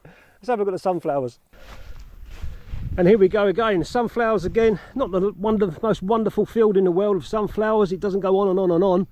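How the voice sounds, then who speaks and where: A man's voice: sits high, fairly quick, darkish tone. A man vlogging casually outdoors in fields about film photography, chatty and self-deprecating, out of breath from cycling. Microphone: action camera.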